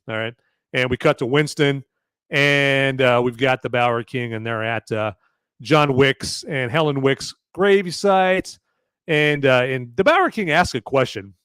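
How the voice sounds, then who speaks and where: A man's voice: medium pitch, a bit bright, clean tone, no echo. A man hosting a live film-review podcast, chatting casually in a rambling, jokey way with some swearing. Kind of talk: casual live-stream chat.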